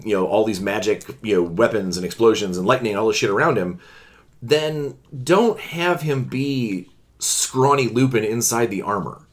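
A man co-hosting a casual film review chat, animated and opinionated, swearing freely and restarting sentences. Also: lowish voice, normal speed. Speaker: podcast co-host.

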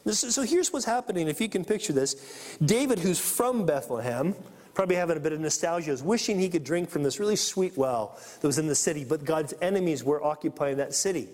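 Man, pastor, high voice, animated sermon, acts out the people in the story, long hall echo. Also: a little fast.

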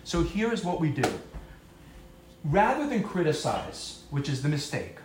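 A man's voice: fairly high pitch, sing-song, measured pace, a little hiss or hum. A man giving a conversational talk to a live audience, acting out quoted voices and joking about himself. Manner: conversational, acts out quoted voices, self-deprecating humor. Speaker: speaker giving a talk on marriage and parenting. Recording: echoey room.

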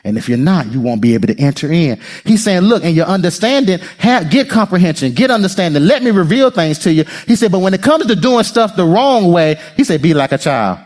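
A pastor preaching a sermon speaks briskly with few pauses, his voice sitting high. He's animated, shouting out to the congregation and acting out voices as he goes.

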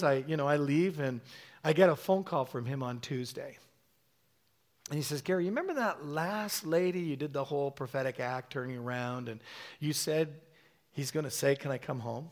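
A middle-aged man preaching a sermon, telling a story with animated quoted voices. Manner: animated storytelling, acting out quotes with sudden high-pitched bursts.

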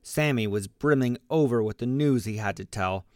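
A man narrating a children's storybook aloud, lively and expressive, giving the animals their own voices. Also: medium pitch, moderate pace, no room sound, clean studio sound. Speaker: audiobook narrator.

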